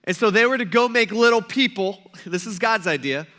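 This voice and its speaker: Pastor guy in his 30s, joky sermon, high bright voice, in a church. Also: expressive, moderate pace. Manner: joking, self-mocking storytelling. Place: church sanctuary.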